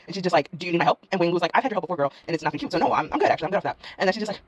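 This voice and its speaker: A young woman retelling a drama's plot in breathless, slangy fashion, acting out each character with quick "she's like" quotes. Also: lowish voice, no room sound. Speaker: drama review vlogger. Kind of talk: fast slangy plot recap.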